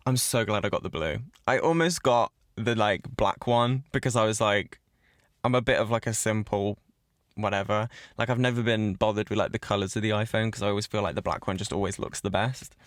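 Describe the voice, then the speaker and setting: A man hosting his own podcast in casual chat, gushing and swearing a lot as he gets excited. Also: on the low side, brisk, no echo, studio quality. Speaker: podcast host. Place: cabin in the woods.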